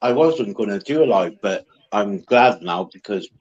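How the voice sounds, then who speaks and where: A man hosting a casual live stream, slow-spoken and trading crude banter. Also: on the low side, lively intonation. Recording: dull lo-fi stream audio.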